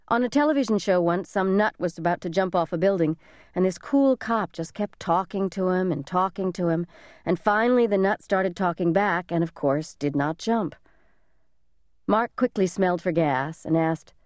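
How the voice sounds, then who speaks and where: A woman narrating a thriller audiobook in an even, measured storytelling manner. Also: on the low side, no room sound, clean studio sound.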